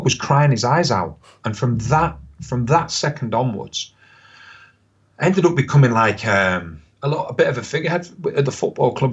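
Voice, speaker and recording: A middle-aged man, a podcast guest telling lively football stories in casual chat. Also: mid-range voice, husky. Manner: animated anecdotes, quick bursts, laughs often. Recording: slightly dull lo-fi podcast audio.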